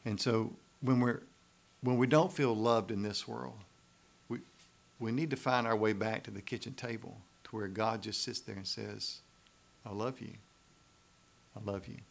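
A man's voice: on the low side, fairly even intonation, normal speed, gravelly. A man preaching a sermon, speaking in a folksy, conversational way and often asking the congregation "right?". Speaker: pastor.

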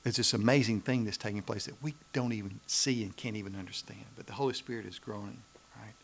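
A man preaching a sermon, swinging between emphatic rises and hushed, slowed passages, and repeating phrases for emphasis. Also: lowish voice, creaky, breathy edge.

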